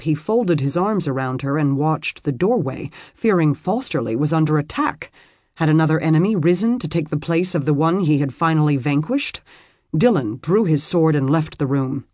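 A measured audiobook narrator, dry and close. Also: medium pitch, a little mellow, no echo. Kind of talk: scripted narration of a historical romance novel.

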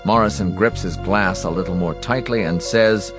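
Deep-voiced male audiobook narrator. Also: normal speed. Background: music.

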